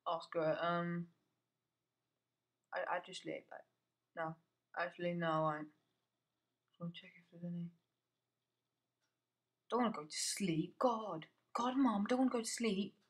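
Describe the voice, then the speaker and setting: A man's voice: sits high, fairly bright tone. Teen boy, gameplay commentary, muttering, swearing, startled yelps. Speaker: gamer.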